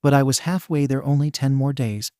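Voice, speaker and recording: Casting: male narrator for a story reading, steady, warm-dark tone, close dry mic. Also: medium pitch, brisk, dry recording. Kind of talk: fan fiction reading.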